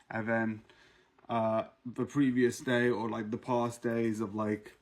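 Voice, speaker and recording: A man's voice: mid-range voice, flat delivery, slow. A man from Britain reviewing a show in a casual vlog, rambling with many fillers and restarts. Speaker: video reviewer and streamer.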